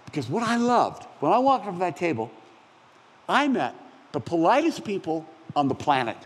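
Lively preaching man in an echoing hall. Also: high-pitched, normal speed. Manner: animated, conversational preaching with self-deprecating asides. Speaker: pastor. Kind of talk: sermon. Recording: long hall reverb, faint ambience.

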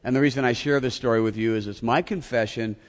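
A man's voice: mid-range voice, fast talker. A middle-aged male pastor preaching a sermon, telling a story with self-mocking humor. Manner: animated storytelling, self-mocking, acts out shouting. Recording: long hall reverb.

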